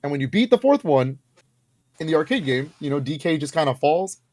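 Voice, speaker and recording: A young man chats casually on a podcast, full of energy and fillers and quick to laugh. His voice sits a touch high. The sound is close and dry. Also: no room sound. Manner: animated, lots of filler words and quick laughs. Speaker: podcast co-host. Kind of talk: casual chat.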